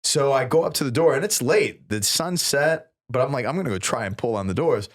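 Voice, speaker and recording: A man's voice: medium pitch, fairly quick. Guy on a podcast telling a travel story, acts out everyone, laughs big. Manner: animated, acts out quoted voices with big laughs. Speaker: podcast co-host. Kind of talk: casual storytelling chat. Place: podcast studio.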